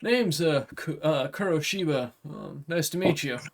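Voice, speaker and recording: A man voicing a gruff, blunt male dragon-kin samurai in a tabletop game, with hesitant, clipped phrasing. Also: fairly high pitch, unhurried.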